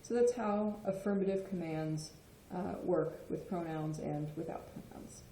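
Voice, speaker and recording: Teacher type: woman, low-ish mellow voice, patient explainer, roomy echo. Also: a little slow, a little hiss or hum. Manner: patient, checks in with frequent "okay?". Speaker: Spanish teacher. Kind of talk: explanatory lesson. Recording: echoey room.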